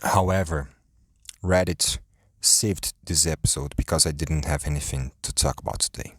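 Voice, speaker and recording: A man's voice: rumbling low, normal speed, no echo, studio quality. Tired, profane rambling man. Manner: rambling, profane, self-interrupting. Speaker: podcast host. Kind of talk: solo rambling podcast.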